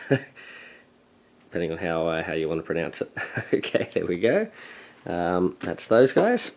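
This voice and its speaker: A man hosting a board game channel, casually unboxing and thinking aloud with relaxed, hesitant fillers. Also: deep voice, measured pace, vocal fry, slight background noise, low-quality recording. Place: at a table, handling game pieces.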